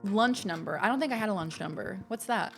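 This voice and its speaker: A woman's voice: mid-range voice, lively intonation, brisk, fairly bright tone, faint music behind. A young adult woman hosting a casual live game stream, chatting to viewers in a bubbly, gushing way. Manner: chatty, bubbly, gushes when greeting viewers.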